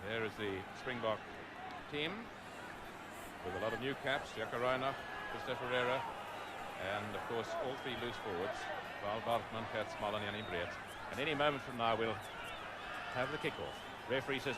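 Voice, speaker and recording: A middle-aged man giving live rugby play-by-play commentary, calm for background facts and rising to excited calls at big moments. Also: medium pitch, moderate pace, over a noisy crowd, very noisy.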